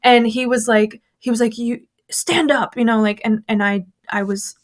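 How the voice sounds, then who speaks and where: A woman's voice: fairly high pitch, little pitch movement, normal speed. A woman recounting her years in a church as an interview guest, telling the story animatedly and acting out what others said. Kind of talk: personal testimony in conversation.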